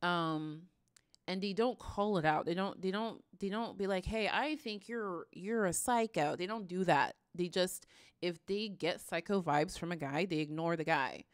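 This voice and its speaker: A woman hosting a reaction video, commenting in a casual, animated way with frequent sighs. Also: on the low side, normal speed, clear, resonant tone, dry recording, studio quality. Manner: animated, sighing, ranting.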